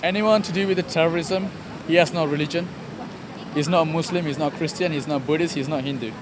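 A man's voice: on the high side, a little fast. Earnest young man from Sri Lanka. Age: young adult. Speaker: interviewee on the street. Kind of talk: street interview. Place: city street outdoors. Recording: street noise behind.

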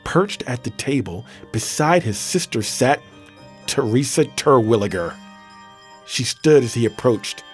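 A man's voice: medium pitch, unhurried, faint music behind. Man reading a children's story aloud. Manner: expressive, playful storytelling. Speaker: story reader.

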